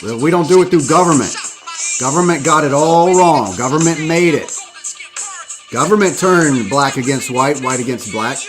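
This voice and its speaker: A man's voice: a little high, moderate pace, music in the background. Profane, fired-up male podcast host. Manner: profane, preachy, rallying the listener. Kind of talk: impassioned live-stream monologue.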